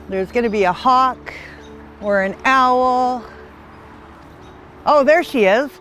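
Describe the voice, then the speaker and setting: A woman's voice: a little high, slow, long pauses, music in the background. A woman in her sixties who runs an animal sanctuary, talking casually and with feeling for a documentary, outdoors on a farm. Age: 60s. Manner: soft, heartfelt, emotional. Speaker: pig sanctuary owner.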